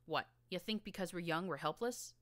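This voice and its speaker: A woman voicing a tough, streetwise young filly gang leader with a rough rural drawl and a blunt, slangy manner. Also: fairly low pitch, normal speed, fairly bright tone, no echo, natural voice.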